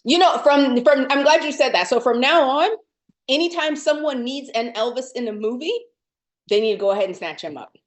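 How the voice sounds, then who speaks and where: A woman's voice: sits high, animated, fairly quick. A woman co-hosting a podcast, chatting casually with many fillers and restarts. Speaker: podcast co-host. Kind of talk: casual chat.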